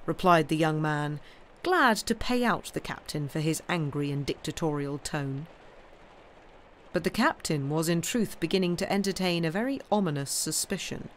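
A woman's voice: deep voice, expressive, moderate pace. Woman reading a classic story aloud. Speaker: reader of classic stories. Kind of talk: storybook read-aloud on a live stream.

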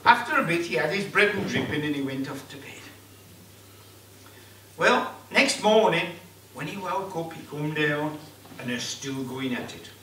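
Male folk club storyteller with a Black Country accent, bright and animated, far mic in an echoey room. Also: a little high, unhurried, slight background noise. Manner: broad colloquial dialect, acting out the characters. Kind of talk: live comic dialect storytelling.

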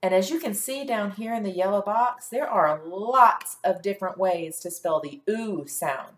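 A woman teaching a phonics lesson to young children, stretching out sounds slowly and clearly for them to repeat. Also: lowish voice, echoey room. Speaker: first grade teacher.

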